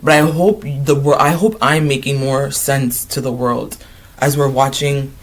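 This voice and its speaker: A man of Ghanaian heritage chatting casually and excitably in a vlog, wandering from topic to topic. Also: mid-range voice, moderate pace, soft background music. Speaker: vlogger.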